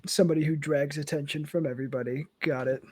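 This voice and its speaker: A man's voice: a little high, steady tone, fast talker, a little mellow, husky. A man playing a tabletop game, chatting in a dry, amused way. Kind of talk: casual game chat.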